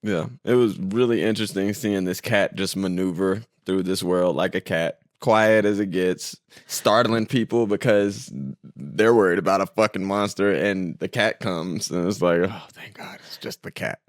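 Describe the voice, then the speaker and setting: A man with a fairly low voice, recorded close and dry with no room sound. He co-hosts a casual podcast and drops wry, deadpan jokes. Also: moderate pace, no room sound. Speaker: podcast co-host. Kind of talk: casual chat.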